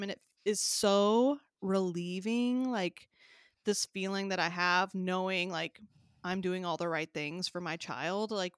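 Smooth-voiced mom in her thirties, chatty podcast talk, lots of laughs, dry close sound. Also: medium pitch, dry recording. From American South. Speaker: podcast co-host. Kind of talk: casual chat.

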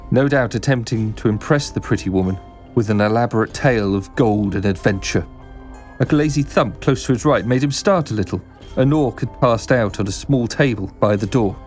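A man reading a fantasy story aloud in a steady, descriptive storybook narration. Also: medium pitch.

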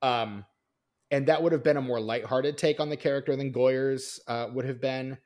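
A man's voice: medium pitch, fairly even intonation, moderate pace, a little mellow. A man hosting a film podcast in casual chat, walking through a production history from notes with many fillers and restarts. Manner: rambling, filler-heavy, reads notes. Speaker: podcast host.

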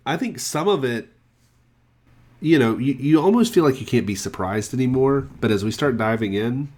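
A man's voice: mid-range voice, expressive, moderate pace, darkish tone. A man hosting a casual podcast, chatty and a bit wry as he runs through the news. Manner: chatty, wry about price hikes. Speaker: podcast host.

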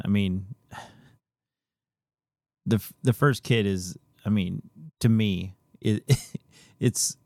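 A man co-hosting a podcast in casual chat, relaxed and joking, a father of two. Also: on the low side, no room sound, studio quality. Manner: relaxed, joking, laughs easily.

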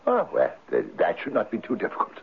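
An actor playing a poor cottager in a 1970s radio drama, earnest and hesitant. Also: male voice, on the low side, huge pitch swings, quick pace, slight background noise. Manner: earnest, hesitant, full of uh's. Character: poor Irish cottager wishing for riches. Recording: narrow, tinny old radio broadcast.

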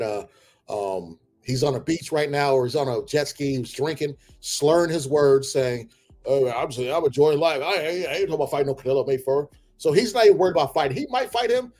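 A man hosting casual sports talk, opinionated and animated, breaking into heated outbursts. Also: a little high, breathy edge. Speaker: combat sports commentator.

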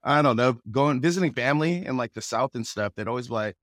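A man from the Pacific Northwest, a guest telling stories in a relaxed, casual way, often chuckling. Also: medium pitch, fast, dry recording, clean studio sound. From Pacific Northwest, USA. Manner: relaxed, chuckles often, acts out quoted voices. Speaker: guest, rapper and actor. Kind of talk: casual conversational storytelling.

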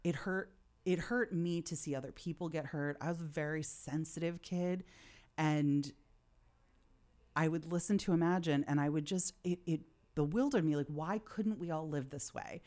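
Low-voiced woman telling heartfelt stories. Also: normal speed, a little mellow. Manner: heartfelt, reflective, openly emotional at times. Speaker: podcast guest. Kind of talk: candid interview storytelling.

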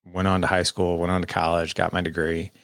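A deep-voiced man tells a personal story in a candid, conversational way. His voice has a gravelly, fry-heavy texture, and the sound is dry and close. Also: completely flat delivery, brisk, fairly bright tone, no echo. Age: 40s. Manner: candid, conversational, quotes people in dialogue. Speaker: guest. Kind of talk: personal storytelling in a podcast interview.

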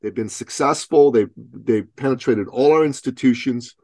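A man's voice: medium pitch, normal speed, darkish tone, no room sound. A man in his forties talking bluntly and emphatically, with frequent swearing, in a casual podcast conversation over a video call. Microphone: remote video call.

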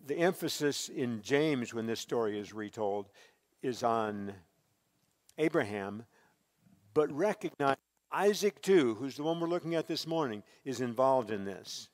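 A man preaching a sermon as pastor, swelling loud and dropping soft as he tells a Bible story. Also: medium pitch, lively intonation, a little slow, long reverb tail.

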